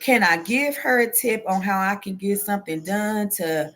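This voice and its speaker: With lively intonation, a fairly bright tone, medium pitch and normal speed, this forties-aged woman hosts an easygoing show. She chats through a story for her viewers and responds to their comments out loud, repeatedly saying "okay?" and "baby."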